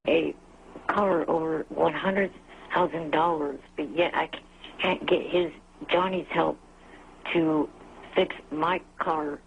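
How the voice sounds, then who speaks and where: A male caller with a gravelly, rough edge to his voice, speaking in halting, aggrieved bursts. He comes through a muffled phone line with faint noise underneath. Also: fairly high pitch. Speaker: caller, show regular. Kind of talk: phone call on a talk show.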